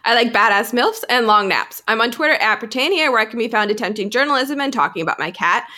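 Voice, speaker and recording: A woman's voice: a little high, animated, fast talker, sharp tone. A woman in her late twenties from Canada, co-hosting a podcast with a giggly, teasing manner. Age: 20s. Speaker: podcast co-host. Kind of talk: casual podcast chat.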